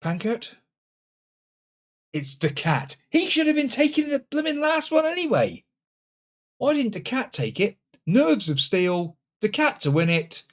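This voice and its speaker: A man commenting on his own football management game, swinging between loud exclamations and muttered asides. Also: very high-pitched, big pitch swings, measured pace. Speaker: gaming channel host. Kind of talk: let's-play commentary.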